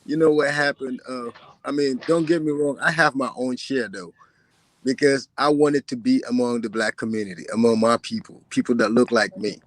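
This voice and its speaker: A man's voice: medium pitch, fairly even intonation, normal speed, no echo. A man with an African accent, a guest in a live-stream chat, speaking earnestly and encouragingly.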